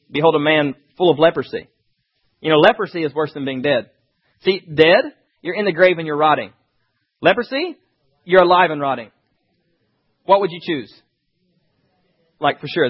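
A man preaching a sermon, reading scripture and talking fast with animated asides. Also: fairly high pitch, breathy edge, lo-fi sound.

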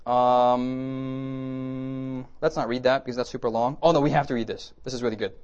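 A man giving a conversational sermon lecture with slides, lively and often checking in with his listeners. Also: medium pitch, brisk, lo-fi sound. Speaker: preacher teaching a class.

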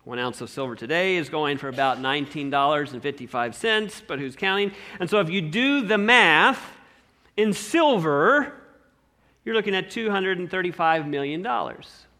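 High, bright-voiced male preacher. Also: normal speed. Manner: animated, swings between loud emphasis and quiet asides. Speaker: pastor. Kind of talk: sermon.

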